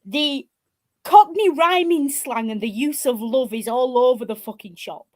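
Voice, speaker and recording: Woman, casual podcast chat, blunt and sweary, a bit high. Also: unhurried. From northern England. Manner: blunt, sweary, animated ranting. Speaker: podcast co-host.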